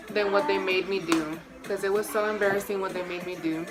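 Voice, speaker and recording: A woman's voice: mid-range voice, fairly even intonation, brisk. A young woman vlogger chatting casually and telling a personal story straight to her viewers, full of slang. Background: music.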